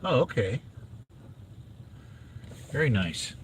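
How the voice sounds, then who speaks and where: A middle-aged man from inland California talks casually from the driver's seat, wandering from thought to thought with plenty of ums and uhs. His voice sits at an ordinary pitch, with a faint hum of road noise underneath. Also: big pitch swings, takes it slowly, low-quality recording. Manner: rambling, chatty, with many fillers. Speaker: father, vlog host. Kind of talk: casual chat while driving. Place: inside a car on a drive.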